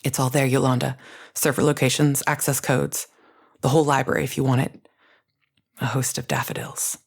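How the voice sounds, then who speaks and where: A woman voicing a gentle male librarian turned fugitive, speaking in a hushed, ragged whisper. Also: rumbling low, level tone, normal speed, gravelly, husky, exaggerated voice.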